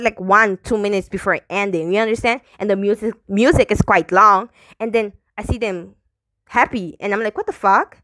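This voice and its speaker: A young woman vlogging in a casual rant, animated and exclaiming, with lots of fillers and the odd swear. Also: on the high side, no room sound. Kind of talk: casual ranting vlog.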